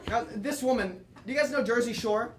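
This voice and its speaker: A teenage boy performing a solo comedy monologue, telling lively comic stories with asides to the audience. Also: very high voice, brisk, reverberant, a little hiss or hum. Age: teens. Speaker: student performer. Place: theatre or classroom with audience.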